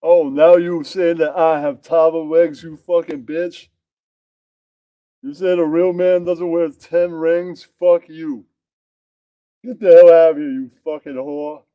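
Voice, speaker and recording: A man's voice: fairly high pitch, flat delivery, slow, warm tone, no room sound. A man voicing an abrasive male stand-up comic who crudely insults his audience.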